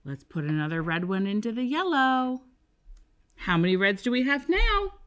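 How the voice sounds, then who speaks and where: A woman teaching a kindergarten math lesson on television, leading the children in slow sing-song call-and-response counting. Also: on the high side, big pitch swings, fairly bright tone.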